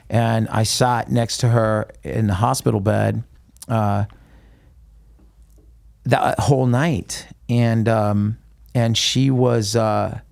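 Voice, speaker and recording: Man, gravelly, dry close sound, halting restarts, interview guest. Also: on the low side, darkish tone, no room sound. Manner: halting, with frequent restarts and trailing phrases. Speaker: guest, band musician. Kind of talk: emotional personal storytelling in an interview.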